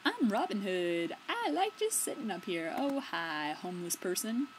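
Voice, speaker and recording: A woman's voice: mid-range voice, very animated, moderate pace, a little hiss or hum, poor audio. A young adult woman giving casual, joking commentary while playing a video game and reading its dialogue aloud. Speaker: let's play host.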